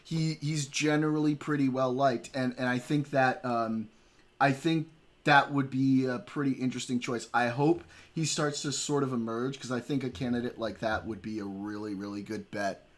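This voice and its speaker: A man's voice: medium pitch, fairly even intonation, normal speed. A man co-hosting a livestream, talking politics in casual chat, earnest and given to repeating words while he tries to make his point. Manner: earnest, repeats himself to hold the floor.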